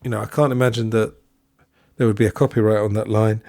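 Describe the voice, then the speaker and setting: A man's voice: lowish voice, flat delivery, fast talker, gravelly, dark tone, no room sound, studio quality. A man hosting a podcast, talking through a film review in a musing, digressive way with asides. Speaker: podcast host. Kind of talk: solo film review commentary.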